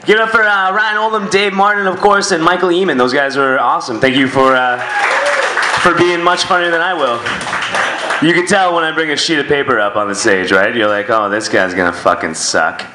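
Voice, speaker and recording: A man's voice: a little high, brisk, over a noisy crowd, heavy background noise. A man doing a stand-up set on a comedy club stage into a handheld mic, crude and self-deprecating in his storytelling. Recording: echoey club room.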